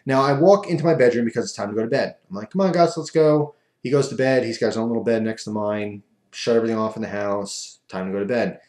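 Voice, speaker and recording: Male vlogger, low-ish voice, loose rambling storyteller, echoey room sound. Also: fast talker, a little mellow. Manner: rambling, loose and self-amused. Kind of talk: casual storytelling.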